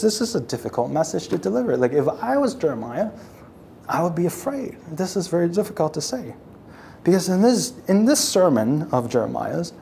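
A woman's voice: on the low side, creaky, warm tone, a little hiss or hum. A woman preaching a sermon, telling the scene as a story and acting out how the crowd reacts, often repeating and restarting words as she builds. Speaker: pastor.

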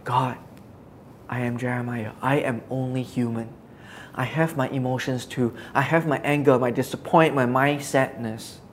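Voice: mid-range voice, moderate pace, a little mellow, slight background noise, natural voice. A preacher voicing a weary, frustrated prophet, an adult man, in a lamenting, pleading way. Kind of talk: Bible teaching with spoken quotes.

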